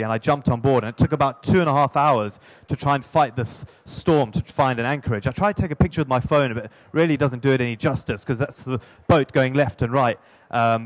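A man's voice: medium pitch, no room sound. Man telling an adventure story, dry close sound. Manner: lively, self-mocking, quick asides with laughs. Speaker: speaker telling of a long sea swim. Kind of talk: storytelling talk.

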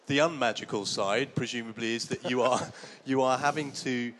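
A man interviewing a traveller, asking halting questions that he rephrases as he goes. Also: mid-range voice, fairly bright tone.

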